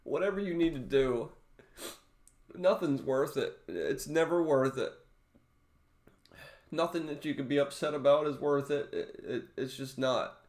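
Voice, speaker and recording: A man speaking in an emotional personal vlog, halting and close to tears, often restarting his sentences. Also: fairly high pitch, a little mellow, roomy sound. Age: adult father. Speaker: vlogger.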